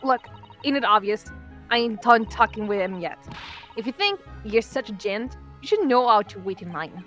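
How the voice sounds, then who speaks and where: A woman's voice: a little high, lively intonation, normal speed, fairly bright tone, soft background music. A woman voicing a cheeky, defiant cockney street girl in a game read-along, talking brash and slangy. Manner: brash, dropped-h slangy talk.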